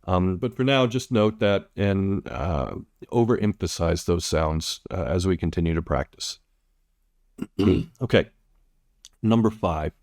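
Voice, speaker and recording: Low, slow-talking male pronunciation teacher. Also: darkish tone. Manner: overpronounces practice sentences word by word, explains between them with fillers. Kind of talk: slow, deliberate pronunciation lesson.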